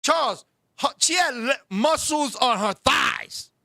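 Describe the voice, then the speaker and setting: Male live-stream host with a very high, piercing voice. Animated, swears freely, laughs a lot. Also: takes it slowly, vocal fry. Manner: animated, profane storytelling with frequent laughs. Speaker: talk show host. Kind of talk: casual live-stream chat.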